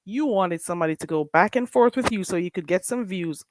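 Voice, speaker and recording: A woman with a Caribbean accent hosting a casual livestream chat, emphatic and animated, often laughing as she talks. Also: lowish voice, brisk, background noise. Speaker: livestream host.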